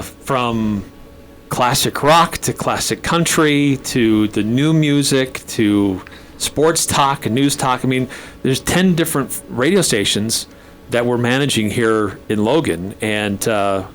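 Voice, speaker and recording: A man's voice: medium pitch, slight background noise. A man on a talk radio program, chatting casually and laughing at himself now and then. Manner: chatty, self-deprecating, laughs often. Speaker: radio station manager guest. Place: radio studio.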